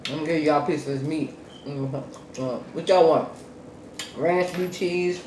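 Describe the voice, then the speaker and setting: A man eating on camera, talking casually to viewers between bites and humming contentedly. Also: fairly high pitch. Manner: slow, relaxed, lots of contented hums between bites. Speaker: mukbang eating vlogger. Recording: echoey room with faint background noise.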